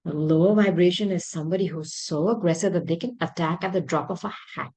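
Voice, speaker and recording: A woman with a low, husky voice gives a tarot reading to her viewers. She speaks emphatically and by intuition, doubling words for stress and clearing her throat now and then. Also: fast talker, darkish tone, low-quality recording. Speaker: tarot reader.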